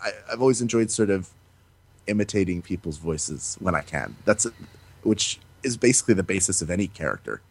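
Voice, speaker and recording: A man being interviewed, chatting casually and telling animated stories about doing voices. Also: sits low, a little fast, creaky, husky. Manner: animated storyteller, breaks into playful voices. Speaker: voice actor guest.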